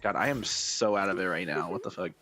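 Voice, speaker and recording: A man with a rough, hoarse voice giving casual gameplay commentary as a streamer, rambling, thinking out loud and swearing a lot. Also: low-pitched, lively intonation, a little fast. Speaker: game streamer.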